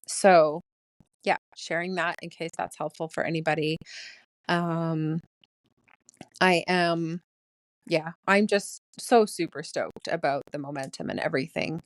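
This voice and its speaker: Solo podcast host, woman, rapid and eager, lots of ums, lowish pitch. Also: dry recording. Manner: fast-talking, excitable, many ums. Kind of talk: casual solo podcast talk.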